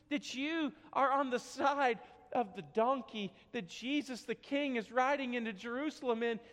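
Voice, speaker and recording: A man preaching a sermon, telling a story with dramatic swings from quiet to loud, in a church sanctuary. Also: extremely high pitch. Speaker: pastor. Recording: long hall reverb.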